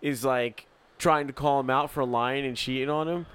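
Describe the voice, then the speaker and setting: A man's voice: mid-range voice, steady tone, a bit bright, clean tone, no room sound. A man co-hosting a podcast, talking casually with frequent restarts and swearing. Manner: halting, profane, restarts his points. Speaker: podcast co-host. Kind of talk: casual chat.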